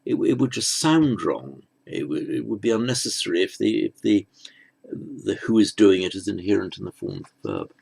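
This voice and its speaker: A man teaching a recorded grammar lesson in a measured, explanatory way, often restarting his phrases. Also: lowish voice, sing-song, vocal fry, darkish tone, husky. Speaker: language teacher.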